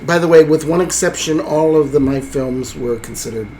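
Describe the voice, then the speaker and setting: This man co-hosts a podcast and recounts a film's ending in casual conversation, rambling and hesitating with plenty of fillers. His voice is a little high and a little mellow at a normal speed. The low-quality recording carries some hiss or hum.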